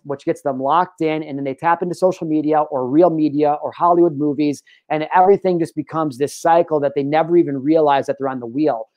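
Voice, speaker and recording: An American man hosting a podcast interview, talking in an animated, emphatic way. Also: fairly high pitch, dry recording. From United States. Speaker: podcast host. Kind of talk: casual interview chat.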